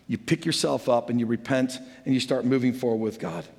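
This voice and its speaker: A middle-aged man preaching a sermon as a pastor, earnest and exhorting, swinging between loud urging and hushed intensity. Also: medium pitch, a little fast, husky. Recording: long hall reverb.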